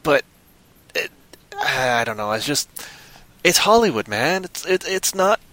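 Bright-voiced rambling man. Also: mid-range voice, sing-song, unhurried, no echo. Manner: rambling, jokey, slips into silly voices. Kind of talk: casual chat.

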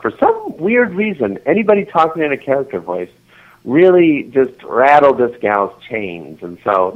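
A man's voice: mid-range voice, narrow, tinny audio. A man being interviewed as an author, chatting casually and rambling with lots of restarts and giggles. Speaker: author guest.

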